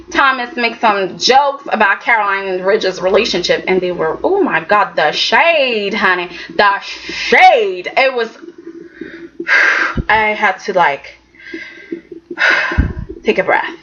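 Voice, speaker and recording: A woman chatting casually as a soap opera reviewer, animated, sassy and rambling. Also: mid-range voice. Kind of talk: casual chat. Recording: dull lo-fi recording.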